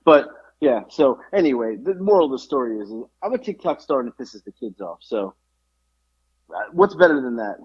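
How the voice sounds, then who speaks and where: A man's voice: medium pitch, brisk, husky, dry recording, muffled recording. A man in his forties co-hosting a podcast, telling stories in casual chat, acting out quotes and swearing freely. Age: 40s. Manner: animated storytelling, acts out quotes, swears freely. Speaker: podcast co-host.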